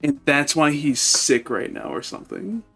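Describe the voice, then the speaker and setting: A man's voice: a little high, big pitch swings, normal speed, gravelly, bright, forceful tone, husky, faint music behind. Rambling young man swearing in casual chat. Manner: rambling, stumbling, swears freely. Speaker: friend in group discussion. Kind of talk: casual group chat over a call.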